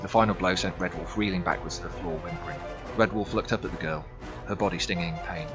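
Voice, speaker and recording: A man's voice: low-pitched, fairly even intonation, fast, over music. A man narrating a fantasy audiobook story in a dramatic storytelling manner.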